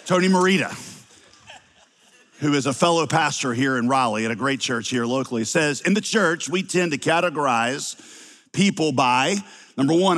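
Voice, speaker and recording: A man's voice: fairly high pitch, a bit bright, long reverb tail. A middle-aged male pastor with a slight Southern accent, preaching a sermon with wry, teasing asides to the congregation.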